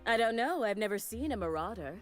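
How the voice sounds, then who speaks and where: A woman's voice: mid-range voice, animated, a little fast, faint music behind, lightly acted. A woman voicing a flamboyant fashion designer in a video game, theatrical and doting, full of endearments. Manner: grandiose, theatrical, showering people with endearments. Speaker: game character.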